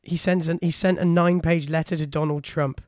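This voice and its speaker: A man co-hosting a podcast in casual chat, chatty and jokey, quick to argue a point. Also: a little high, fairly even intonation, darkish tone, no echo, clean studio sound. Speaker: podcast co-host.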